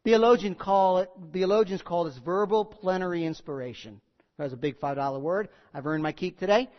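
A man delivers a sermon with a high-pitched voice. He hammers key words, then sinks quiet and low. The sound is muffled and rings with a long hall reverb. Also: brisk. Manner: emphatic, building to loud peaks then dropping low. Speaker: pastor.

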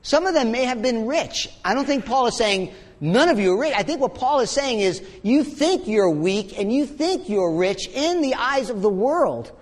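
A man's voice: very high-pitched, lively intonation, normal speed, few pauses. A man preaching a sermon as pastor, in a conversational way with sarcastic asides. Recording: long hall reverb.

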